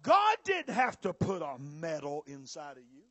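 A male preacher, giving a sermon with bursts of shouting and drawn-out emphasis to a church audience. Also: on the high side, huge pitch swings, slightly rough, dry recording. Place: church or conference hall with audience.

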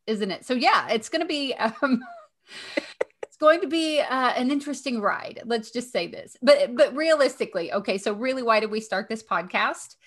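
A woman's voice: a little high, animated, normal speed, fairly bright tone, a little hiss or hum. A woman in her forties with a Southern US accent, co-hosting a podcast in a chatty, joking way with plenty of ums and laughs. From Indiana, raised in Kentucky. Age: 40s. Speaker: podcast co-host. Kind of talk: casual chat.

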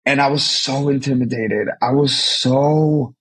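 A man from Mexico speaks as an interview guest, recounting his past in an animated, self-interrupting way. His voice is a little husky and sits at an ordinary pitch. He restarts sentences often, and his voice jumps upward when he is excited. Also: a little slow. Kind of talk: casual interview storytelling.

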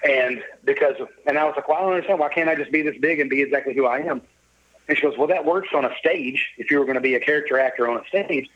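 Fast-talking and fairly bright in tone, this middle-aged man has a mid-range voice, captured on dull audio. As a guest in a casual interview, he cheerfully recounts his life story and acts out quoted lines in an upbeat, jovial way.

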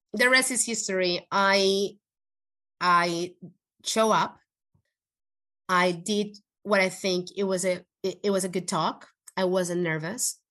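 A woman guest in an interview, telling an emotional personal story in an earnest, animated way, with frequent restarts. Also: medium pitch. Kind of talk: conversational podcast interview.

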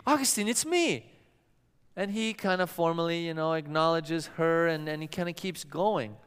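A man's voice: on the high side, steady tone, normal speed, fairly bright tone, clean tone. A man preaching a sermon as pastor, telling stories and acting out the voices of the people in them. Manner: storytelling preacher who acts out quoted voices. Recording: long hall reverb.

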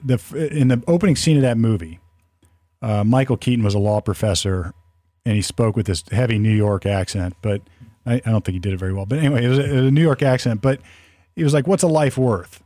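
A man's voice: medium pitch, quick pace, dark tone, no echo. A man chatting casually as a podcast co-host, rambling with many restarts and fillers. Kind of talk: casual conversational talk.

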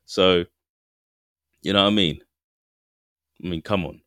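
A young man, co-hosting a casual podcast chat, animated and often laughing. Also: low-pitched, unhurried, no room sound, studio quality. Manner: animated, laughing, mimics voices for jokes. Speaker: podcast co-host.

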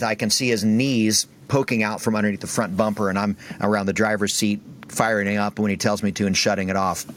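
Lower-pitched guy telling a story on a podcast, does the voices, light hiss in the background. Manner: animated storyteller, acts out quoted voices. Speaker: guest speaker.

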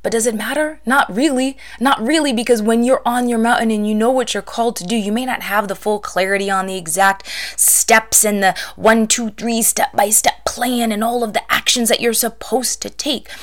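A woman podcast host giving an impassioned spoken-word monologue, slow and deliberate, swearing freely, with hushed dips. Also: fairly high pitch, little pitch movement.

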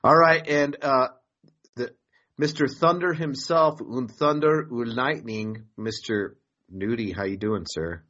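A man's voice: mid-range voice, unhurried, fairly bright tone, dull audio. A man hosting a podcast in a casual, profane, joking way, rambling between topics. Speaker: podcast host.

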